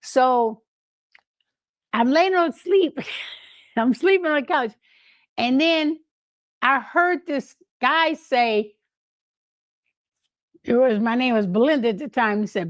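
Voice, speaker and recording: An older woman telling lively anecdotes in a casual way, laughing often and acting out what others said. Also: fairly high pitch, slow pace, pauses often, no echo. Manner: animated, laughing, acts out quoted voices. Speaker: guest storyteller.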